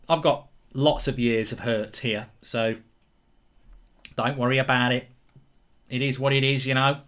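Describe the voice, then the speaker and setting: A man from England hosting a live football watchalong, rambling excitedly and reading viewer messages aloud. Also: mid-range voice, moderate pace, long pauses. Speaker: host.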